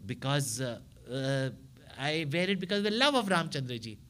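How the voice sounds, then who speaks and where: A man voicing a gentle young wife in a told story. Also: mid-range voice, sing-song, normal speed, slight background noise. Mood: earnest.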